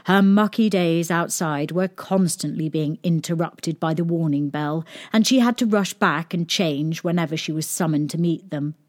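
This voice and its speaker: A woman reading a children's story aloud in a gentle, expressive storytelling manner. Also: deep voice, normal speed, few pauses.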